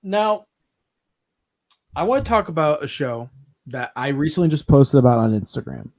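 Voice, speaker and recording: A man's voice: fairly high pitch, expressive, normal speed, a little mellow. Rambling man hosting a casual show. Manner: rambling, lots of fillers and restarts. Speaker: podcast host. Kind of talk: casual chat.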